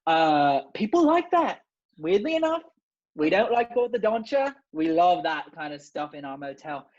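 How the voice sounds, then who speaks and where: A woman's voice: on the low side, moderate pace. A woman doing a bumbling fake-British rat expert. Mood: rambling. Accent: put-on British, slipping. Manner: rambling, hesitant, absurd deadpan boasts. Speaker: guest. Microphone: video call. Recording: dull lo-fi video call audio.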